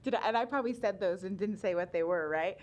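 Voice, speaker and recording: Middle-aged woman chatting thru a hearing, lots of laughs and ums, mid-pitched voice. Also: fast, a little mellow. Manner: chatty, laughs often, many fillers. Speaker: special education presenter. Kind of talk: conversational testimony. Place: legislative hearing room.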